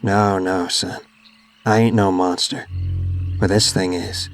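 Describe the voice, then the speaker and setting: A man's voice: sits low, steady tone, takes it slowly, faint music behind. A man doing a folksy old southern hillbilly. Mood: ominous. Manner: folksy drawl, grim warnings. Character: grinning old southern hillbilly man, missing teeth, ominous.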